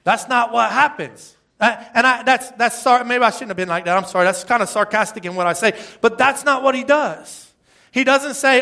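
A man's voice: very high voice, animated, moderate pace, vocal fry, sharp tone. A middle-aged man preaching a sermon in a church, in a conversational, self-deprecating way, often checking with his congregation. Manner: conversational, self-deprecating, asks the crowd "right?". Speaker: pastor. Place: church service before a congregation.

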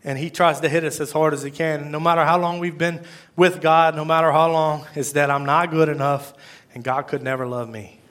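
Higher-voiced pastor preaching. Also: male voice, steady tone, a little fast. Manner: conversational preaching, swings from hushed to emphatic. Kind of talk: sermon.

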